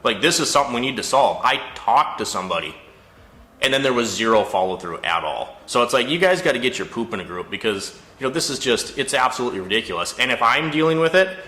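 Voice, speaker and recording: Brief: male mechanic, exasperated casual rant, bright forceful tone, echoey shop sound. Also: mid-range voice, fast. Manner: exasperated, storytelling, animated retelling. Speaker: auto mechanic and shop owner. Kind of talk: casual ranting monologue.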